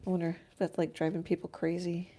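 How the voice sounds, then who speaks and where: In a low, fairly flat voice with a dark tone, the art teacher chats quickly to herself while painting live in her studio. Her casual musings tend to fade out mid-thought.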